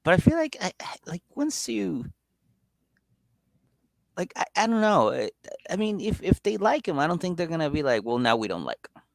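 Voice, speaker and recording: A man's voice: high voice, normal speed, gravelly, pauses often, no echo, clean studio sound. A man co-hosting a podcast, recapping a reality show in casual chat, swearing, laughing and acting out the people he quotes. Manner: animated storyteller who acts out people's quotes, swears, laughs a lot. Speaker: podcast co-host.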